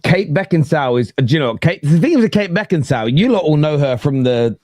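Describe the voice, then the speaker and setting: A man hosting a casual football podcast, telling stories with lots of laughter and big jumps in pitch. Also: expressive, fairly quick, a little mellow, no echo, clean studio sound. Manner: laughs a lot, tells stories animatedly, jumpy pitch. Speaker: podcast host. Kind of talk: casual chat.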